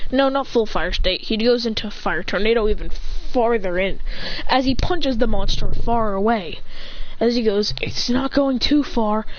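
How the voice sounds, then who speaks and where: A woman's voice: a little high, normal speed. A woman telling a homemade action story in a casual, rambling way, stringing events together with many restarts. The recording is dull and lo-fi.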